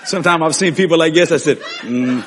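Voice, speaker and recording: A man preaching a sermon, telling stories animatedly with laughs and sudden shouts. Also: fairly high pitch, steady tone, rapid-fire, background noise. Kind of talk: sermon storytelling. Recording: long hall reverb.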